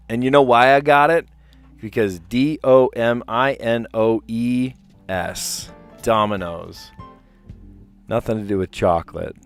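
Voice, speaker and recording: This man hosts a casual livestream, reading word-puzzle clues aloud and drifting into chatty, amused asides. His voice is medium in pitch, clear and resonant, with no echo.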